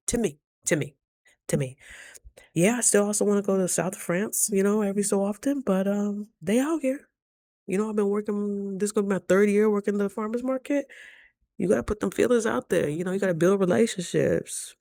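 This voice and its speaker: A woman vlogging casually to camera, telling stories with playful sass and jumping high in pitch when she quotes herself. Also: a little fast, no echo. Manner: animated storytelling with playful sass.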